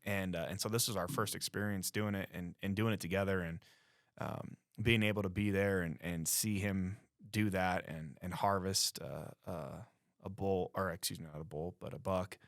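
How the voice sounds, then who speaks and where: A man from Colorado, a guest on a talk show, telling a story in a casual, animated way and acting out what others said. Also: low-pitched, moderate pace, no room sound, studio quality.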